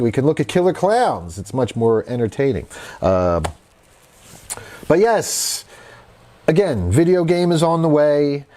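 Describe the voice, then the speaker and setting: A man's voice: fairly high pitch, darkish tone. A man hosting a live horror news stream. He talks casually, laughs often and greets viewers in the chat by name.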